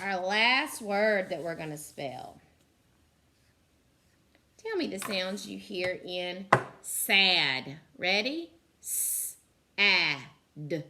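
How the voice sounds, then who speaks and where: A woman teacher leading a slow phonics lesson for young children, sounding out words carefully and praising the class. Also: mid-range voice, pushed and bright.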